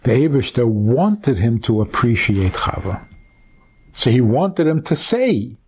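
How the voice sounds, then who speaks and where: In an unhurried, slightly husky voice that rises and falls a great deal, a very animated rabbi retells an old story as a lesson. He keeps pausing to put rhetorical questions to his listeners.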